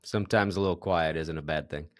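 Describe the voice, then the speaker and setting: A man hosting a casual interview, telling a story in a relaxed way and laughing at his own anecdote. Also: deep voice, fast talker, dry recording, studio quality. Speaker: podcast host.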